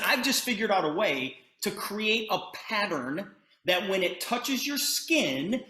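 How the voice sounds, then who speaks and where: A man's voice: sits high, bright, forceful tone. A middle-aged man telling a story to an audience, acting out a conversation and talking to listeners as "you guys". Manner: retells a conversation in quick asides, addresses listeners as "you guys". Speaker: company presenter telling a story. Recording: roomy echo.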